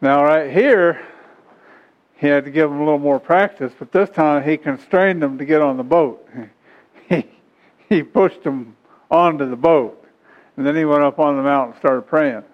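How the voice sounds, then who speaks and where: A man's voice: fairly high pitch, moderate pace, pauses often. A man preaching a sermon who reads scripture aloud and then explains it in homey asides, chuckling now and then. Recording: dull lo-fi recording.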